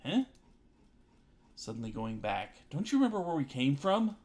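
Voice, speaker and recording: A frantic young man who keeps insisting everyone stay calm, voiced by a man reading a game aloud. His voice is mid-pitched and close to the reader's own. Soft music runs behind him. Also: moderate pace, natural voice. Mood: urgent. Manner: urgent, insistent.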